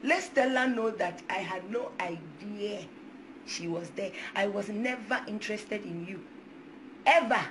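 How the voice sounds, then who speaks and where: A woman's voice: medium pitch, a little slow, fairly bright tone. Ghanaian woman in her 20s, defiant, flips between twi and english, reads psalms out, bit of hiss in the back. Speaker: mother speaking out. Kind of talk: emotional social media live video.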